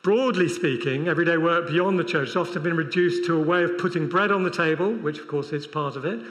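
A man preaching to a large convention crowd, conversational and dryly funny, slipping in self-mocking asides. His voice sits a little higher than most men's. The sound carries the long reverb of a big hall. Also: quick pace, a bit bright. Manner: conversational with wry humorous asides. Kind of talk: sermon.

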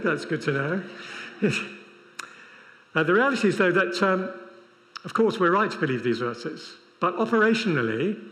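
A man's voice: sits high, a bit bright. A man preaching a sermon at a large convention, talking conversationally with wry humorous asides. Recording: long reverb of a large hall.

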